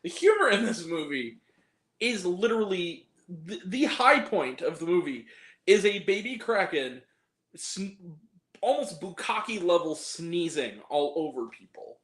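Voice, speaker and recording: A man's voice: sits high, sing-song, a little slow, a bit bright, roomy sound, low-quality recording. A man giving a ranting movie review, exasperated and profane, with self-deprecating asides. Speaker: film reviewer.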